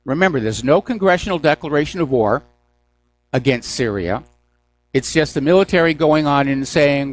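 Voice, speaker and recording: A man's voice: fairly high pitch, lively intonation, normal speed. Sarcastic male radio talk host. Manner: sarcastic, mocking asides. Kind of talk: news commentary call-in show.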